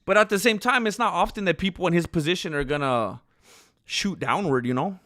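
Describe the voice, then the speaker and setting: A man's voice: high-pitched, a little fast, a bit bright, dry recording. Chatty man with a dry close voice. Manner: rambling, self-deprecating, many fillers and restarts. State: hiccuping and burping. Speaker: channel host. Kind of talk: casual livestream chat.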